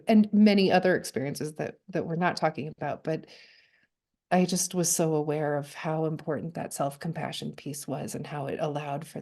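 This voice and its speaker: Low mellow-voiced woman, reflective. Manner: halting and thoughtful, with soft laughs. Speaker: guest poet. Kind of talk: reflective conversation.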